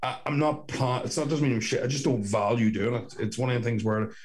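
A man's voice: mid-range voice, a little fast. A young Northern Irish man co-hosting a podcast over a video call, rambling and swearing in casual chat. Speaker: podcast co-host. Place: sister's bedroom at home.

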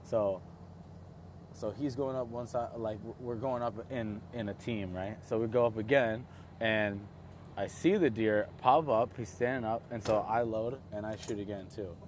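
A young man casually telling a story, rambling and excitable, with many restarts and fillers. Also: lowish voice, normal speed, noisy background.

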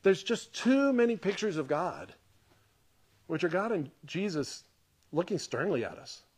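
A man's voice: high voice, big pitch swings, a little slow, husky. A man preaching a podcast sermon in a conversational, emphatic way, repeating his points and laughing often. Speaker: pastor.

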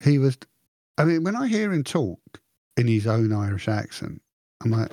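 Husky man chatting on a podcast. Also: mid-range voice, normal speed, dry recording, clean studio sound. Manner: rambling, animated, frequent restarts. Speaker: podcast co-host. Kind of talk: casual chat.

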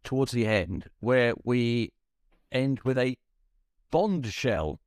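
A man's voice: mid-range voice, animated, takes it slowly, no room sound, clean studio sound. A man co-hosting a casual podcast, joking and laughing at himself. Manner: jokey, giggly, self-deprecating. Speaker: podcast co-host. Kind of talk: casual chat.

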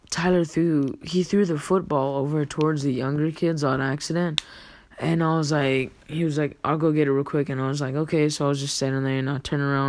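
A young adult vlogger telling a rambling, profane story in casual talk, often laughing and swinging from hushed to loud. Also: medium pitch, a little hiss or hum.

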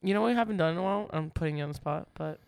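A man's voice: fairly high pitch, rapid-fire, creaky, smooth, no echo. An American man in casual podcast chat, storytelling with plenty of "like" fillers. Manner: chatty, lots of "like" fillers. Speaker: podcast co-host.

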